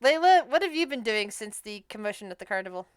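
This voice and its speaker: A woman running a tabletop game as game master, relaxed and quick to laugh. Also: mid-range voice, smooth, no room sound, studio quality.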